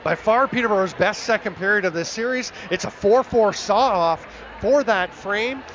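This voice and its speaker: A high-voiced man calls lacrosse play-by-play, quick and excitable as the action builds. The broadcast sound is a little muffled, with a faint hiss underneath. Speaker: play-by-play commentator.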